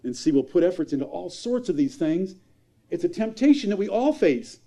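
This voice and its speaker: A man preaching a sermon in a church, emphatic, firing rhetorical questions and swinging from loud to hushed. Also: high-pitched, sing-song, a little fast.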